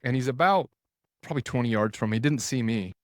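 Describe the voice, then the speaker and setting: A man in his forties, a podcast guest, telling a story in a casual, animated way, full of restarts and quoted thoughts. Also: mid-range voice, quick pace, no room sound, studio quality. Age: 40s.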